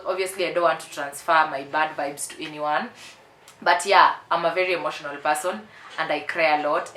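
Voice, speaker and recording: A woman in her twenties with a lowish, fairly bright voice speaks candidly and emphatically in a casual confessional vlog, repeating herself for effect. The room gives a roomy echo.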